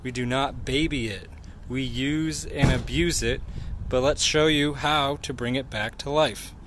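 A man's voice: mid-range voice, steady tone, background noise. A man demonstrating a cleaning job at a truck shop, explaining each step plainly in a how-to video. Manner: slow, plain instructional talk. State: out of breath.

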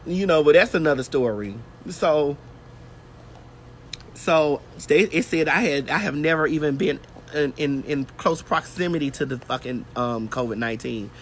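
A woman's voice: deep voice, moderate pace, a little hiss or hum. A woman hosting a casual phone livestream outdoors while getting her hair braided, telling a brash, profane story. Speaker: host.

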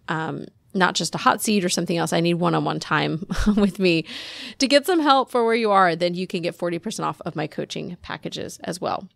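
Woman podcast host, chatty and upbeat, low gravelly voice, dry close sound. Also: no echo. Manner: chatty and upbeat, talks straight to listeners. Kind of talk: casual solo podcast.

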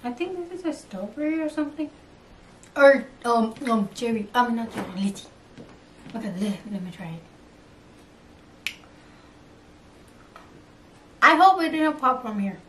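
A woman's voice: fairly high pitch, animated, a little fast, a bit bright, a little hiss or hum. Chatty young Nepali woman, roomy distant mic. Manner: chatty, mixing English and Nepali. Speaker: vlogger. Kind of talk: casual food-tasting vlog.

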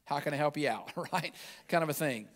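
A man preaching a sermon as pastor, emphatic, with conversational asides to the congregation and phrases that drop low at their ends. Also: fairly quick. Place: church sanctuary.

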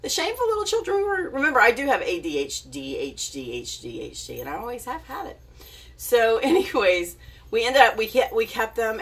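A chatty woman telling a story at home, her voice husky and a little low. Her pitch swings widely as she talks. She sits a little back from the mic, so the sound sits at a slight distance. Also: fairly bright tone. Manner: chatty, giggly, with many fillers and restarts. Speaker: vlogger. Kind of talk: casual storytelling to camera.

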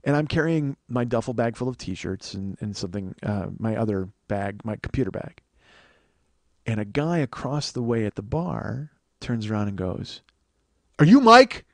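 A man's voice: on the low side, moderate pace, no room sound. Dry, ranting comedian man in his forties. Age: 40s. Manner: animated, ranting, profane. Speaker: comedian podcast host. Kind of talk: comic storytelling monologue.

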